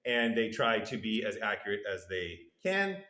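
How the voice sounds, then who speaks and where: A man's voice: fairly low pitch, sing-song, moderate pace, pushed and bright. A man giving a university lecture, explaining step by step in a playful way and dropping his voice to act out the test subjects' replies. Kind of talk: classroom lecture. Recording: roomy echo.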